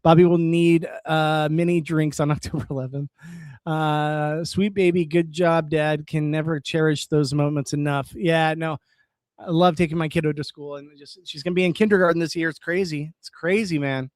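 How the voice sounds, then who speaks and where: A young man from California chatting casually on a live stream, reading viewer comments and reacting in an excitable way, laughing often. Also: on the high side, dry recording, clean studio sound.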